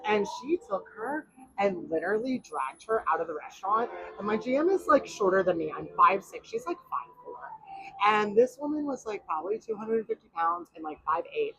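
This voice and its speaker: A woman podcast host and bartender telling blunt, animated bar stories in casual chat. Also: mid-range voice, moderate pace, vocal fry, slight background noise, poor audio. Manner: blunt and animated storyteller, swears freely.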